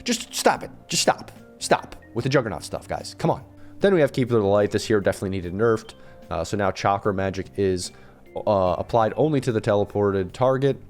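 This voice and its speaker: A man's voice: on the low side, expressive, a little fast, darkish tone. Young man, strained voice, exasperated rant, gaming commentary, faint background music. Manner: exasperated, ranting, repeats himself. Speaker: game commentator. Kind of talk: ranting gameplay commentary.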